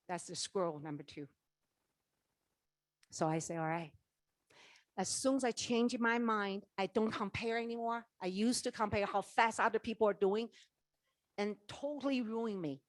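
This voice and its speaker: On a conference stage, a middle-aged woman who leads in network marketing gives a keynote motivational speech into a stage mic, with a dry sound. Her medium-pitched voice moves at a normal speed with frequent pauses. She tells stories animatedly, acts out dialogue, and asks the audience questions.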